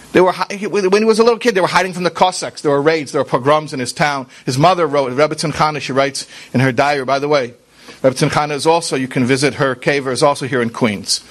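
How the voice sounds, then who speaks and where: Rabbi guy giving a torah class, earnest and chatty, voice sits a bit high, asks the crowd rhetorical questions. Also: fairly bright tone. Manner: earnest, talks straight to listeners with rhetorical questions; mixes in Hebrew and Yiddish religious terms. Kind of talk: conversational sermon.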